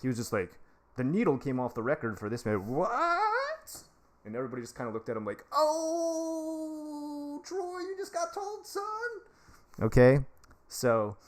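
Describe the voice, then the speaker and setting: A man in his thirties hosting a live stream, chatting casually as he gives advice and breaks off excitedly to thank donors. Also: on the low side. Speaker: livestream host giving advice.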